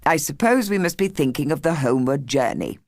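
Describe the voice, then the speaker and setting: A woman voicing an embarrassed middle-aged father speaking in a stiff, brisk manner in an audiobook. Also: low voice, lively intonation, no echo, studio quality. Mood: puzzled.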